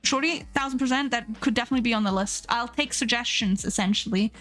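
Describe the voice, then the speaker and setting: A woman's voice: a little high, quick pace, a bit bright, faint music behind. A woman streamer chatting casually and rambling with plenty of fillers while she draws on a live art stream. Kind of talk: casual chat while drawing.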